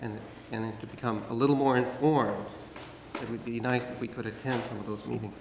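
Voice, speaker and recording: A man on a school board objects at a public meeting in a firm, measured way. His voice is gravelly and full of fry. The room around him is echoey. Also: medium pitch, steady tone, a little hiss or hum.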